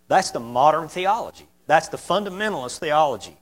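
A man preaching a sermon, impassioned and folksy, repeating key phrases and swinging from loud emphasis to quiet asides. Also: on the high side, expressive, brisk, hardly any pauses.

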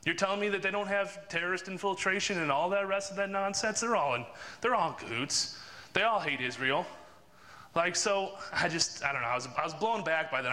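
Man, casual chat, rambling with fillers, high-ish bright voice, long hall reverb. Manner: rambling storyteller with many fillers and restarts.

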